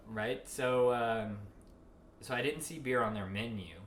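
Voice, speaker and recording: A man's voice: mid-range voice, measured pace, a bit bright. Rambling man telling a story. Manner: rambling anecdote teller with fillers. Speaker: co-host. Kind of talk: casual chat. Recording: echoey room, faint noise.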